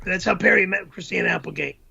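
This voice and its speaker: A man telling a story on a livestream in a hoarse voice, rambling and hesitant with many fillers. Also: high voice, lively intonation, fast talker, pushed and bright, highs cut off. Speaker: show host.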